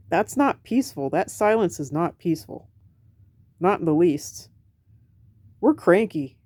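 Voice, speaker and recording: A woman's voice: on the high side, mellow, dry recording. An American woman vlogging in a casual late-night monologue to camera, rambling, self-mocking and profane. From United States. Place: home at night.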